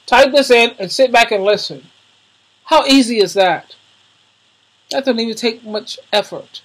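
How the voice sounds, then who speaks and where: A woman vlogger speaks casually and effusively to her audience, emotional and full of slangy emphasis. Her voice is husky and sits a bit high. She calls her listeners darling. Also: low-quality recording. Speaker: YouTuber recommending videos to viewers. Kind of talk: casual vlog talk.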